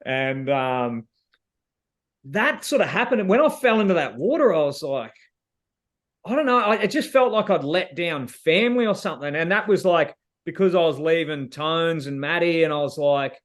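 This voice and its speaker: A man's voice: fairly high pitch, lively intonation, brisk. An Australian man answering interview questions as a reality show contestant, telling his story in a laid-back, slangy way with lots of fillers.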